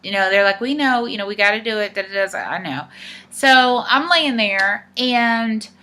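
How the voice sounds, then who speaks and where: Bright-voiced woman telling a story. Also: medium pitch, normal speed. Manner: chatty, retells dialogue with many "I said", "he's like". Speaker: vlogger. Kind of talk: casual storytelling to camera.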